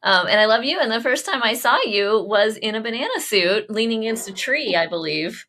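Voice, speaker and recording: A woman in her forties from Oklahoma, hosting a podcast in an effusive, animated, chatty way with frequent laughter. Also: fairly high pitch, brisk. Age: 40s. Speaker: podcast host. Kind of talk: casual interview chat.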